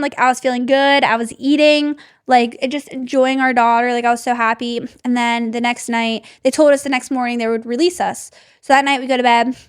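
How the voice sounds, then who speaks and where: A young woman hosting a podcast, telling a personal story in a chatty way, with "like" in nearly every sentence. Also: clear, resonant tone. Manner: chatty, says "like" constantly, drops to a soft low voice for tense parts. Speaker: podcast host. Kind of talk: personal storytelling, casual chat.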